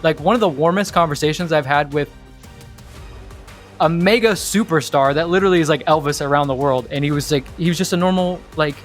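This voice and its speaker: A man co-hosting a podcast, telling a story in a lively, casual way with lots of "like" and restarts. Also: on the high side, fairly quick, faint music behind. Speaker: podcast co-host.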